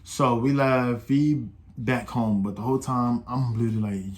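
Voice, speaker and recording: A man's voice: mid-range voice, quick pace. An eighteen-year-old man telling a casual storytime, rambling and slangy, with many restarts and quoted voices. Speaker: vlogger.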